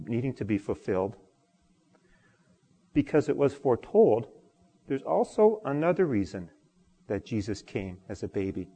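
Husky guy preaching, voice rising and dropping a lot, echoing church. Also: medium pitch, normal speed, long pauses. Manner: expressive, swings from loud emphasis to quiet. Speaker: pastor. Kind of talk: sermon.

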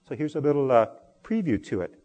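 A man preaching a sermon as pastor, expressive, swinging from loud emphasis to quiet. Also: medium pitch, a little fast, big-room sound.

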